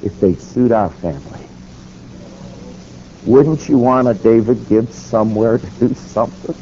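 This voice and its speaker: A man voicing his gentle, supportive wife, speaking softly and earnestly. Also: medium pitch, a little slow, highs cut off, slight background noise, natural voice.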